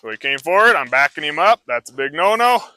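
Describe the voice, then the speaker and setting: A man's voice: on the high side, sing-song, fairly quick, sharp tone, no room sound. A man who trains horses, talking a live audience through a demonstration in a casual, rambling way full of fillers.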